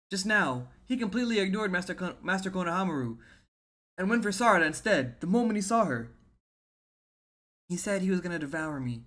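A man's voice: fairly high pitch, fairly bright tone, pitched above the performer's own voice. A man putting on an earnest young ninja girl. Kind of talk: manga read-aloud.

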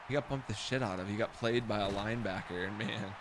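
A young man giving loud, profane, self-mocking commentary while streaming a football video game. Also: lowish voice, quick pace, background noise. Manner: profane, self-mocking trash talk with sudden outbursts. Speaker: gaming streamer. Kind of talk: live gameplay commentary.

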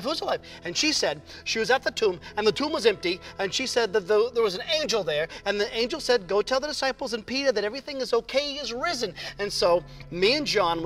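A man playing giddy rambling Peter. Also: high voice. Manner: breathless rambling storytelling, big swings of excitement. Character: excitable adult male disciple Peter, eager and rambling. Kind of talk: comedic skit acting.

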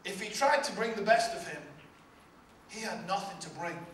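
A man's voice: high voice, normal speed, fairly bright tone, a little hiss or hum. A male pastor preaching a sermon with emphatic, repetitive rhetorical build-ups. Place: large church hall. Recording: echoey hall from far off, faint ambience.

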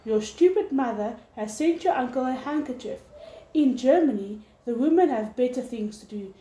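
A woman's voice: sits high, lively intonation, normal speed, dark tone. A woman reading aloud, voicing a harsh, contemptuous male soldier with a clipped, sneering delivery, in an echoey room. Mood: scornful.

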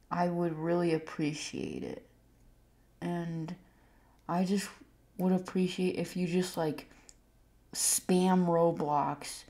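A young woman addresses her viewers close to tears, her speech halting and broken by fillers and sighs. She talks slowly in a fairly low voice. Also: dark tone. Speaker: YouTuber. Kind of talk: emotional vlog to viewers.

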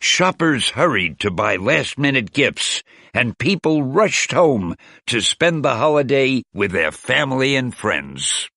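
A man reading a children's picture book aloud in a gentle, expressive way. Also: mid-range voice, takes it slowly, gravelly, few pauses, no echo, studio quality. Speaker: children's storybook reader. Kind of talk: read-aloud storytelling.

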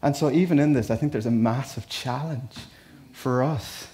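A man's voice: mid-range voice, normal speed, dark tone. An Irish man preaching a sermon in a church, talking to the congregation in a conversational, storytelling way with asides. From Ireland. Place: church hall.

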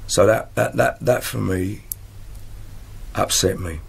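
A man's voice: fairly low pitch, steady tone, slow, vocal fry, slightly rough. A man talking earnestly about himself, often stumbling over repeated words. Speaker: reality show housemate. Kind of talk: earnest personal talk.

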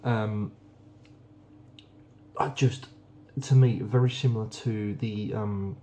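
A man's voice: on the low side, fairly even intonation, takes it slowly, dark tone, a little hiss or hum. A young man chatting casually and enthusiastically while reviewing beers, rambling with plenty of ums. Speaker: beer reviewer. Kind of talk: casual beer review vlog.

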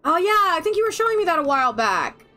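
A woman's voice: very high-pitched, sing-song, fast talker, pushed and bright, faint music behind. A woman streaming a video game live, chatting casually with her viewers in a playful, theatrical way. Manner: playful, theatrical spooky greetings.

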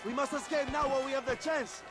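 Male rebel leader, high and urgent over loud game music. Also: fairly even intonation, fast talker, a crowd in the background. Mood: commanding. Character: male revolutionary leader rallying the peasants. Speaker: game character.

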